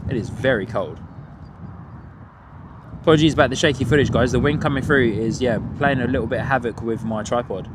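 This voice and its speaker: A man's voice: mid-range voice, a little fast, pauses often. A man hosting a live plane-spotting stream outdoors, chatting with viewers and laughing often. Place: outdoors by an airport on a cold windy morning. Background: wind and outdoor ambience.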